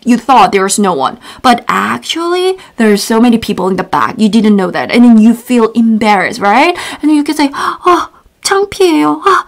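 A woman with a Korean accent, teaching a casual online language lesson, bubbly and repeating words slowly for learners. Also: a little high.

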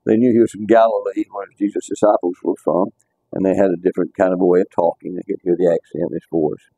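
Low mellow guy teaching bible class, casual, keeps restarting his sentences. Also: steady tone, fast, no echo. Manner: conversational, repeats words as he restarts.

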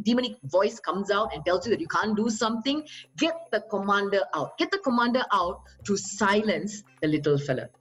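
A woman's voice: medium pitch, rough recording. A woman giving a motivational talk as a trainer, upbeat and coaxing, with rhetorical questions to her listeners.

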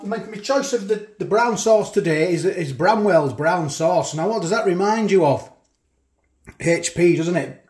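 A man chats about food as he eats, in a voice sitting a little above the usual for a man. He circles back and repeats his points in a relaxed vlog manner, with a roomy echo around him. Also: on the high side. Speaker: food reviewer. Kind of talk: casual food review vlog.

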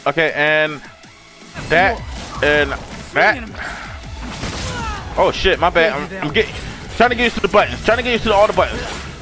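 With a high, animated voice at normal speed and frequent pauses, this streamer gives hyped, profane commentary on a game he's never played before. Game music runs underneath as he trash-talks and repeats phrases.

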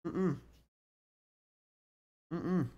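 A man from Texas with a Texas accent, chatting casually with friends on a stream, animated and swearing freely with a Southern drawl. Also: a little high, extremely slow, lo-fi sound.

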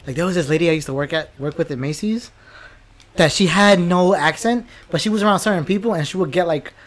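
High-voiced man joking while gaming. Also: quick pace. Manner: joking, profane, laid-back commentary. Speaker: player on a game stream. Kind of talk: casual banter while gaming.

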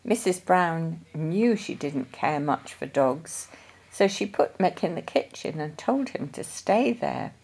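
A woman reading an old children's story aloud in a gentle, deliberate way. Her pace is unhurried, and her pitch moves expressively through the sentences. Her voice sits a little low for a woman. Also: lively intonation, gravelly, husky. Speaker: storybook reader.

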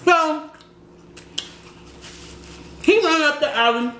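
A woman vlogger telling a slangy, animated story while eating, with shouted sound effects. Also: sits high, takes it slowly. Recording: echoey room with faint background noise.

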